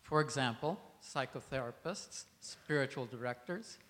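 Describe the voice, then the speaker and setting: A man's voice: medium pitch, normal speed, a bit bright. A man in the audience asking a detailed question, listing examples. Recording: reverberant hall.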